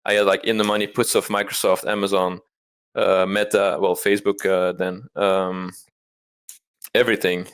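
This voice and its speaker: Low-voiced self-deprecating trader. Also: male voice, little pitch movement, moderate pace, a bit bright, clean tone. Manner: self-deprecating, rambling with restarts. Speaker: interview guest, trader. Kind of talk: candid conversational interview.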